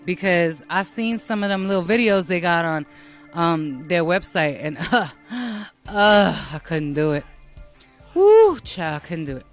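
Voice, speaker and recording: A woman's voice: lowish voice, normal speed, soft background music. An American woman hosting her own show, talking casually to listeners in a blunt, profane and self-mocking way. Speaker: podcast host.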